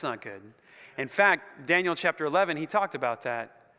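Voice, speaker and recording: A man preaches a sermon in a fairly high, bright and forceful voice that rings with the long reverb of a large hall. He swings from soft, hushed asides to loud, climbing runs of repeated phrases. He talks in a loose, conversational way between those peaks. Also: lively intonation, normal speed, smooth. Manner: impassioned, swinging from hushed near-whispers to loud rising build-ups.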